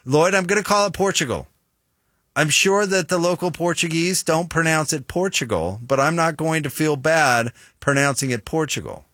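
A man's voice: on the high side, normal speed, no echo, studio quality. A man with a Utah American accent, hosting a sports radio show in casual, chatty talk. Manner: chatty, self-deprecating, animated storyteller.

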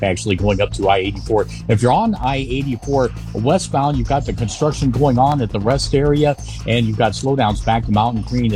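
A man's voice: medium pitch, darkish tone. Matter-of-fact male traffic reporter. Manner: quick, matter-of-fact with frequent "uh"s. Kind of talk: live radio traffic report.

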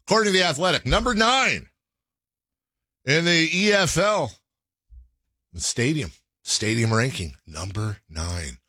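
A man's voice: deep voice, bright, forceful tone, husky, no room sound, studio quality. An American man hosting a radio show, chatting casually in a jokey, self-deprecating way. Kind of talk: casual chat.

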